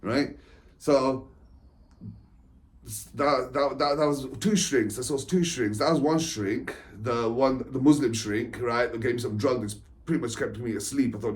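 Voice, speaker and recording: An author and spiritual coach in England speaks straight to camera at an average pitch, telling a long personal story. He wanders and restarts, often checking in with a quick "right?" and breaking into short laughs.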